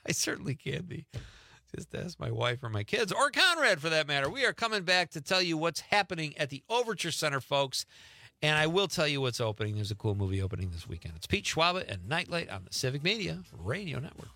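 A man's voice: a little high, big pitch swings, brisk, pushed and bright. A middle-aged man, hosting a radio talk show and chatting casually as he reads listener texts aloud. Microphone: studio microphone.

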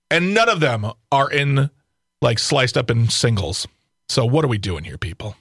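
A man's voice: medium pitch, animated, moderate pace, fairly bright tone, slightly rough, no room sound, clean studio sound. A man co-hosting a talk radio show, telling a news story in a wry, playful, joking way. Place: radio studio. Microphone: studio microphone.

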